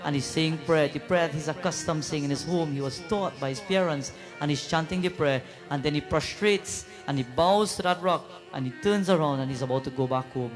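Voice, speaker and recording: High-voiced pundit preaching. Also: male voice, fairly quick, hardly any pauses, faint music behind. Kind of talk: sermon with storytelling and sung chants. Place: temple prayer gathering.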